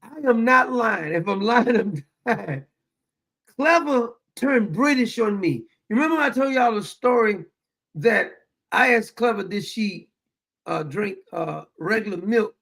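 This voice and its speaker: A man's voice: high voice, measured pace, creaky. A man hosting a casual monologue, telling stories with lots of laughter. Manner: animated storytelling, laughing often. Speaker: show host.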